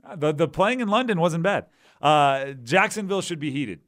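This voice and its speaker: Animated higher-voiced male radio host. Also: normal speed. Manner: animated, acts out quoted voices. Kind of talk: sports talk radio.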